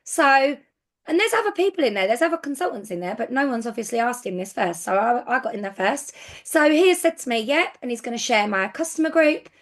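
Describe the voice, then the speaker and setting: A woman's voice: a little high, fast. Chatty woman. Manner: chatty and excitable, with frequent restarts. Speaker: direct sales team leader. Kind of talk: casual business coaching talk.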